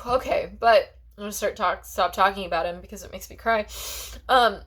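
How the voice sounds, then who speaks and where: A woman's voice: mid-range voice, brisk, fairly bright tone. A woman talking as a psychic in a personal vlog monologue. She rambles in a heartfelt way and fills her talk with "like" and restarts.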